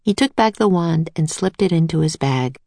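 Gravelly woman narrating a storybook. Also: low-pitched, expressive, normal speed, darkish tone, no echo.

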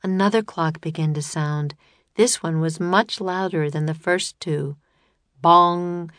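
Audiobook narrator, woman, low-ish voice, steady storytelling, close and dry. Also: a little slow, no echo.

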